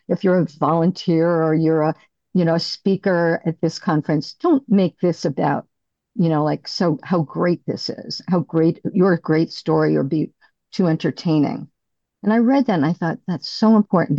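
A middle-aged woman giving a candid, halting personal recovery share as a speaker. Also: fairly low pitch, warm tone, no room sound, muffled recording.

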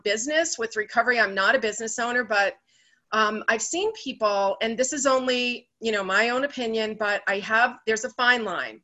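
A woman speaking earnestly at an online recovery meeting, conversational, with many fillers and pauses. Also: on the high side, bright, forceful tone. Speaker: member sharing at a recovery meeting. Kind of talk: personal share on a video call. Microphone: video call.

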